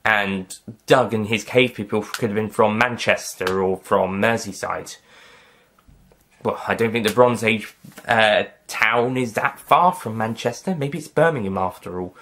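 A man talks through his opinion of a film in a loose, chatty way. His voice sits a bit low, and he keeps stopping to correct himself or toss in a quick joke before going on. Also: a bit bright. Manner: rambling, self-correcting, light joking asides. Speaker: film reviewer. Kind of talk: casual spoken review.

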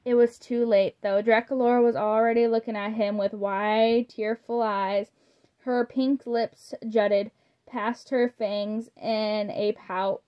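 Slow, stumbling woman reading a storybook. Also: a little high, fairly even intonation, clean tone. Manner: slow, stumbling, apologizes for misreadings. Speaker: storybook reader. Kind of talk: reading a children's book aloud. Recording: slightly muffled lo-fi audio.

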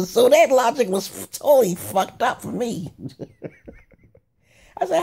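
A man's voice: very high voice, big pitch swings, drawn-out words, vocal fry, long pauses, a little mellow, breathy edge. A man talking in a profane, rambling monologue, cursing heavily and breaking into laughing asides. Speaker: vlogger.

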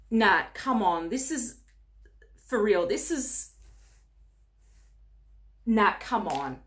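A woman's voice: mid-range voice, lively intonation, extremely slow, pauses often, fairly bright tone. A young woman unboxing gifts for her vlog, gushing, gasping and squealing with delight. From Australia. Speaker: beauty vlogger.

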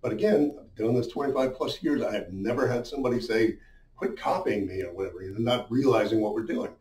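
A man's voice: medium pitch, fast. Man talking from across an echoey room. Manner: relaxed, many fillers, demonstrates gestures. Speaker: business speaker. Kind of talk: casual instructional talk. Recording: roomy echo, mic at a distance.

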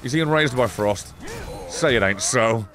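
A man's voice: medium pitch, animated, moderate pace, over music. A man streaming a game live, commenting sarcastically, talking back to the characters on screen and swearing often.

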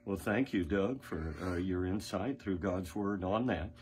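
A man co-hosting a church podcast, thanking the pastor and announcing an upcoming event in a friendly, deliberate way. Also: low voice, a little mellow. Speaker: co-host.

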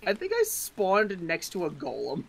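Gravelly, teasing gamer guy. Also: high-pitched, wildly swooping pitch, normal speed, fairly bright tone. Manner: teasing and profane. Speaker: player in a multiplayer game. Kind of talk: casual gaming chat.

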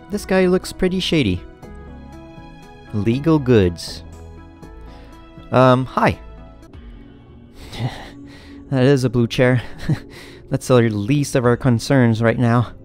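A man giving sweary, animated let's-play commentary as a gaming YouTuber, laughing often. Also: medium pitch, takes it slowly, long pauses, soft background music.

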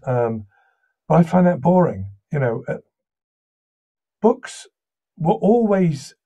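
A man with a slight Welsh accent, from Wales, chatting casually as a guest voice actor and telling lively anecdotes. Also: a little high, takes it slowly. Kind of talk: casual interview chat.

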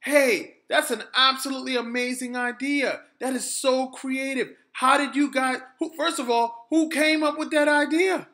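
A man voicing an amazed onlooker in a spoken fable, shouting excitedly upward. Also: very high-pitched, moderate pace, hardly any pauses, pitched above the performer's own voice, full character voice.

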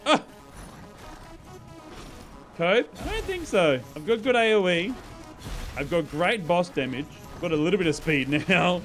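A young man streaming a video game, chatting casually and excitably, swearing and laughing as he plays. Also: sits high, measured pace, pauses often, faint music behind. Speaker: gaming streamer. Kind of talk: live gameplay commentary.

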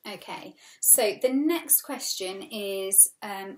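Expressive woman teacher reading aloud. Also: medium pitch, slow, few pauses. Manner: expressive read-aloud with patient vocabulary explanations. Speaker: primary school teacher. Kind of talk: recorded storybook reading lesson.

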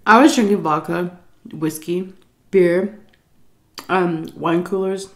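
A young woman vlogger casually telling a story, animated and swearing, acting out quotes loudly. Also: on the low side, slow pace.

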